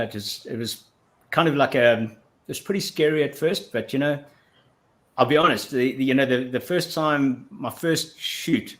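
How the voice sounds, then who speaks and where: A man from Africa, telling his story as a guest on a casual interview show, full of restarts. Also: mid-range voice. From South Africa. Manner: rambling with frequent restarts. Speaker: guest actor.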